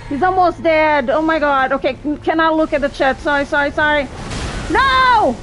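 A woman's voice: high voice, fairly even intonation, fairly quick, fairly bright tone, soft background music, poor audio. A woman streaming a video game, commenting live, swearing and shrieking at setbacks and apologizing to her chat. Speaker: gamer streaming a boss fight.

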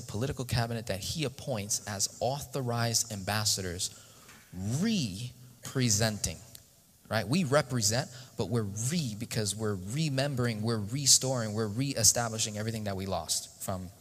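Man, sermon-style teaching, slow and deliberate, lowish voice, church stage, echoing hall. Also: a bit bright. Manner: interactive, asks the audience questions. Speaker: guest speaker. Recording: reverberant hall.

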